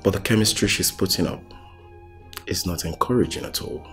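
An actor with a Nigerian accent playing a respectful young suitor who speaks softly and deferentially. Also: male voice, sits low, a little fast. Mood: earnest. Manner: deferential, soft-spoken. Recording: faint film music underneath.

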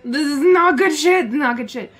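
A young woman streaming a horror game live, excitable, swearing and laughing often. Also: high-pitched, normal speed. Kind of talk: live gameplay commentary.

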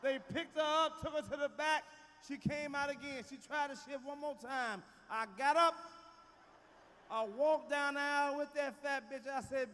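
Keeping a steady tone and moderate pace, a high-voiced man works through a stand-up routine on a big theater stage, loud and profane, booming and shouting his punchlines. The live recording has big hall reverb, with the crowd faintly audible.

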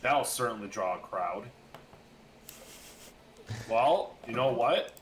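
A man playing in a tabletop game, joking in lively casual chat with a deadpan edge. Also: mid-range voice, slow, roomy sound, slight background noise, low-quality recording. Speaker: player.

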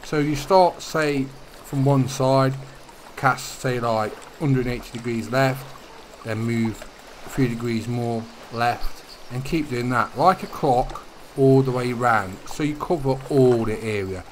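A young man talks casually over a fishing game, his voice sitting at an ordinary middle pitch. He drifts from chat into friendly tips in a relaxed, easygoing way. A faint background noise runs under the recording. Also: measured pace. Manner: chatty, relaxed, gives tips. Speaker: gaming YouTuber. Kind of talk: casual gameplay commentary.

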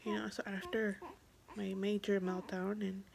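A young woman vlogger speaking through tears in an emotional confessional vlog, halting and repeating herself, often dropping to a whisper. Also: mid-range voice, level tone, vocal fry, darkish tone, slight background noise. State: tearful.

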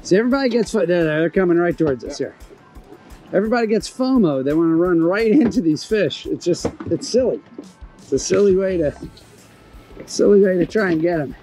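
Excitable high-voiced man fishing from a boat. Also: a little fast, soft background music, low-quality recording. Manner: enthusiastic, exclaiming, instructive. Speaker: fishing video host. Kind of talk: excited on-the-water fishing commentary. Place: small boat on open water, outdoors.

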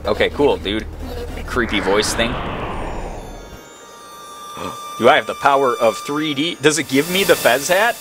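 A young man commentating a video game, excitable and quick to exclaim. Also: medium pitch, music in the background. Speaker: gaming video host. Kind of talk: let's play commentary.

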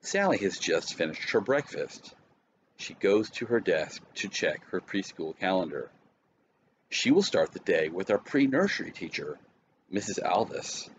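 A man giving calm, scripted narration for a school video. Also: low voice, unhurried, dull audio, a little hiss or hum. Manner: calm, even announcer delivery.

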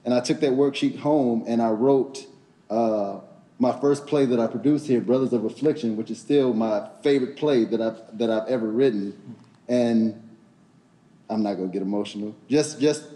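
Heartfelt man with a mellow voice. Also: medium pitch. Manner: heartfelt, halting with many restarts. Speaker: playwright panelist. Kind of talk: panel discussion.

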